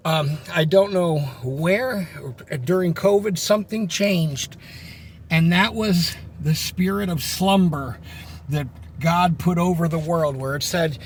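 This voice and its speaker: A middle-aged man rambles through a casual, joking story and slips into voices for the people in it. His voice sits a little high for a man. A faint hiss of noise runs under the recording. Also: slow. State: sunburned. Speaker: vlogger telling a personal story.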